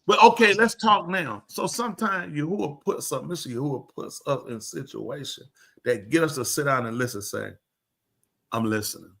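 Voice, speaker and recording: This older preacher has a voice on the high side, creaky with a breathy edge, and he talks briskly. Telling stories in casual talk, he is animated and performs dialogue in a raised voice.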